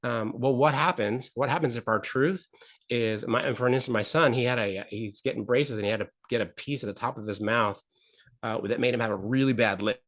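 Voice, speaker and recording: A man's voice: medium pitch, a little fast, a bit bright. Earnest middle-aged man telling a story. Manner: earnest, repeats phrases, acts out quotes. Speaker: podcast guest. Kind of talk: candid storytelling interview.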